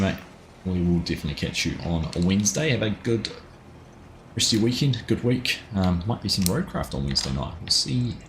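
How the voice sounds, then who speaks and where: Deep-voiced New man chatting on stream. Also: noisy background. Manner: chatty, greets viewers by name, relaxed asides. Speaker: gaming livestream host. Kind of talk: casual chat while playing live.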